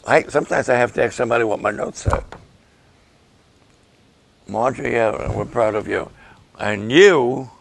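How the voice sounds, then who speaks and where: Slow gravelly older man pastor. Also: medium pitch, a bit bright. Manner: emotional, halting, slow and gravelly. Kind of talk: emotional ministry update to partners.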